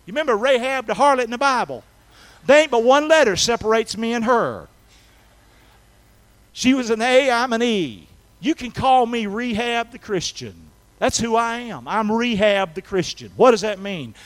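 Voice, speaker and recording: A man preaching a folksy sermon, calling for responses and swinging from soft talk to shouting. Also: extremely high pitch, expressive, moderate pace, low-quality recording. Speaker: pastor. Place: church sanctuary.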